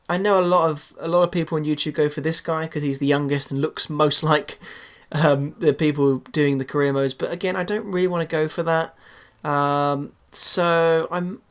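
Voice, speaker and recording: A young Englishman, a gaming YouTuber, commentates casually and hesitantly on his football game, stumbling through fillers and restarts. His voice is on the high side and a bit bright.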